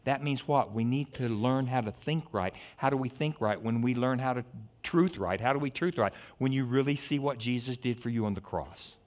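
A middle-aged male pastor preaching a sermon in an animated, digressive way, swinging from loud outbursts to hushed stretches. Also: medium pitch, normal speed.

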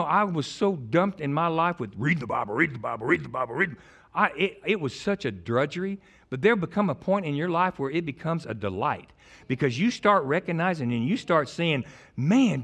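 A middle-aged pastor preaching in a rather high voice. He jokes, stumbles into restarts and swings between loud bursts and soft asides as he rambles through his sermon. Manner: joking, animated, rambling with many restarts.

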